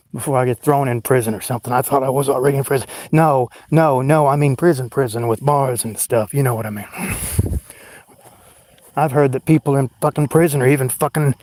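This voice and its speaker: A man's voice: medium pitch, steady tone, normal speed, a little mellow. A man from Oklahoma rambling and swearing to his viewers as he walks through a cemetery at night, talking into a handheld phone. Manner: profane, rambling, self-deprecating, talks to viewers. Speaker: livestream vlogger. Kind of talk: rambling late-night livestream walk.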